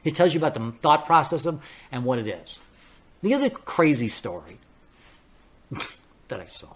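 A man's voice: a little high, big pitch swings, moderate pace. An older man hosting a political podcast, ranting bluntly in a casual, profane monologue and laughing at his own stories. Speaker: podcast host.

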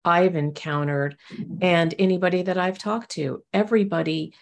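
A woman hosts a podcast interview, affirming her guest and framing questions with frequent pauses and fillers. Her voice is very low, with a gravelly edge of fry running through it. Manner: warmly affirming, halting with fillers. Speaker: podcast host.

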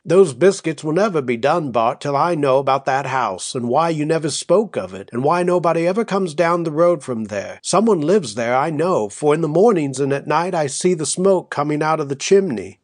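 A man's voice: fairly high pitch, animated, moderate pace, few pauses. A man reading an audiobook, voicing a curious, stubborn young frontier wife who keeps pressing with questions. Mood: pleading. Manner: pleading, persistent questioning.

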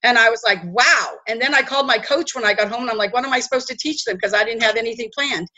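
A woman telling a personal story in a chatty, animated way, often checking in with her listeners. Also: fairly high pitch, quick pace, rough recording. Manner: chatty, animated, tag questions. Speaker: host. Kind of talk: storytelling talk.

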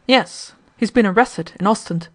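A woman voicing a shrewd, calm male millionaire hotel owner, speaking in a quiet, deliberate way. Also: medium pitch, close to an everyday voice. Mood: cool.

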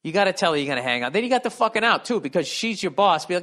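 A man in his fifties with a Boston accent hosting a solo podcast, reading listener mail aloud and riffing on it in a profane, animated rant. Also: high voice, rapid-fire, hardly any pauses. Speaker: podcast host.

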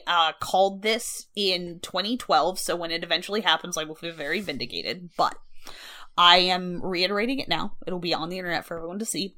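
A woman's voice: on the low side, pushed and bright. Emphatic swearing woman podcaster. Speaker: podcast co-host. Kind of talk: casual chat.

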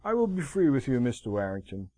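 A man voicing a stern, blunt middle-aged army colonel in an audiobook, speaking curtly and gravely. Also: mid-range voice, big pitch swings, fast, mellow, dry recording, close to an everyday voice. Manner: curt, grave, frank.

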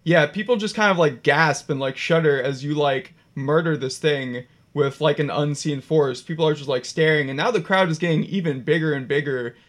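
A man's voice: on the high side, moderate pace, few pauses. A man narrating as game master in a tabletop game, in a casual, filler-heavy way.

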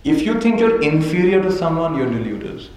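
Speaking at a moderate pace, this male spiritual teacher has a slightly mellow, higher-leaning voice with big swings in pitch. He shares stories with a live audience, laughing frequently and asking "right?" to check in. Faint noise sits under the heavy echo of the hall.

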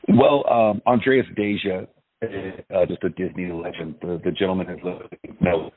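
Low-voiced man on a tinny phone line. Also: fairly even intonation, moderate pace. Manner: rambling, many fillers and restarts. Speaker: actor and producer, guest. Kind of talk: casual interview over a phone line.

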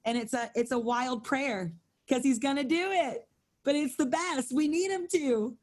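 A woman's voice: high-pitched, unhurried, a little mellow. A woman leading a Bible study prayer over a video call, earnest and fervent, often repeating her phrases.

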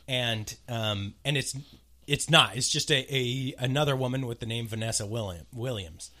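A man's voice: mid-range voice, normal speed, sharp tone. A man co-hosting a podcast in casual chat, gushing expressively. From US West Coast. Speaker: podcast co-host.

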